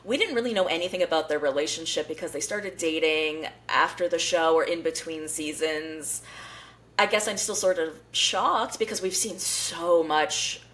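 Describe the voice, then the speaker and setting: A woman's voice: deep voice, normal speed, a bit bright. A woman hosting a podcast in casual pop-culture chat, chatty and full of fillers. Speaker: podcast host.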